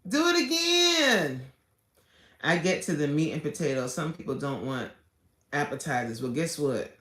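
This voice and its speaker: A woman's voice: very deep voice, normal speed, reverberant. Chatty woman live-streaming from her car. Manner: chatty, animated, laughs often, swings from loud to soft. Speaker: livestream host chatting with viewers. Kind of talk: casual live-stream chat.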